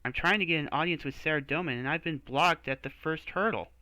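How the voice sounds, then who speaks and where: A man's voice: fairly high pitch, brisk, sharp tone, no room sound. A man streaming a game, reading its dialogue and adding wry, joking asides. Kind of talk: playthrough commentary and reading dialogue.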